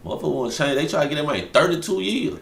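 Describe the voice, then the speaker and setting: Echoey, animated man telling stories. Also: a little high, racing, gravelly, slight background noise. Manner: storytelling, animated, slangy, laughs often. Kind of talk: casual hip-hop podcast chat. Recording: roomy, echoey room sound.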